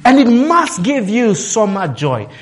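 Man preaching a sermon, higher voice. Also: big pitch swings, measured pace. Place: office worker.

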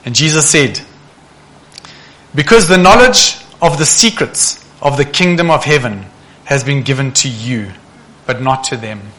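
A man preaching with a bright, forceful voice that sits somewhat high. He is animated and keeps asking the congregation rhetorical questions. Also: moderate pace. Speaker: pastor. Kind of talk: sermon.

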